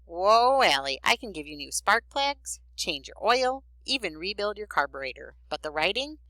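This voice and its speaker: A woman's voice: mid-range voice, big pitch swings, moderate pace, sharp tone, dry recording, voice pushed up, low-quality recording. A woman voicing an easygoing teenage boy, the narrator's joking big brother, in a storybook reading. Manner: laid-back, joking, folksy.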